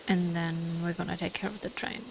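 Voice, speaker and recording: A woman's voice: fairly low pitch, steady tone, moderate pace, vocal fry, a little hiss or hum. A woman giving casual let's play commentary, chatty and musing aloud about the game. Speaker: gaming streamer.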